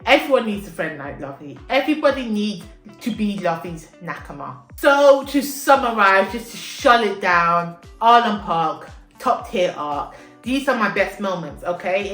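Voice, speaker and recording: Animated woman recapping anime, echoey room. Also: mid-range voice, normal speed. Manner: animated, emotional, emphatic with repeated "okay?". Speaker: anime vlogger. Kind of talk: casual recap commentary. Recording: echoey room with faint music.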